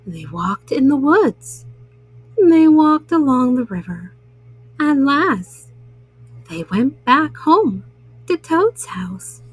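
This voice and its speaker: A woman reading bedtime stories aloud to children in a gentle, soothing way. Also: sits high, big pitch swings, takes it slowly, pauses often, dry recording, rough recording. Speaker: children's storyteller.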